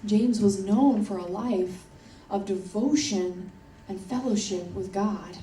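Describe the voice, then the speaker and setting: A woman's voice: mid-range voice, takes it slowly, dark tone, slight background noise. A woman preaching a sermon in an earnest, emphatic way, repeating her key points. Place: church hall. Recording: roomy church audio from a distance.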